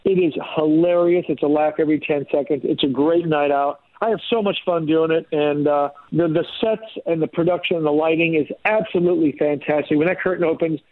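A man, a comedian and ventriloquist, chats playfully as a radio guest. His voice sits high for a man. The audio is dull and lo-fi, like a radio. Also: fairly even intonation, fairly quick, hardly any pauses. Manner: chatty, playful. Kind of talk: radio interview chat.

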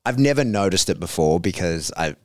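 Low-voiced halting man, dry sound. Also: animated, no echo. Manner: halting, restarts often, agreeable. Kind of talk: casual chat.

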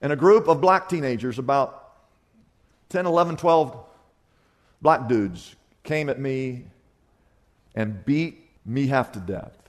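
A man from Kansas, a pastor, preaching a sermon with vivid storytelling that sinks to a hushed tone at key moments. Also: mid-range voice, lively intonation, slow pace, pauses often.

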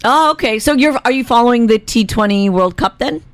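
A woman co-hosting a breakfast radio show, bubbly and quick to laugh along. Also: a little high, lively intonation, dry recording. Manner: bubbly, giggly, quick agreeing. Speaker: radio co-host.

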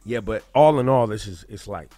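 A man's voice: fairly low pitch, normal speed, mellow, dry recording, faint music behind. Blunt joking male radio host. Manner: blunt, joking, loose and rambling. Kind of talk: casual morning radio banter. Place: radio studio. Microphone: studio microphone.

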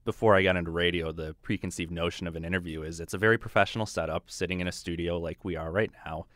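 A man's voice: low-pitched, steady tone, fast, fairly bright tone, no echo. A man co-hosting a casual radio studio chat in an easygoing manner. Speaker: radio co-host. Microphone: studio microphone.

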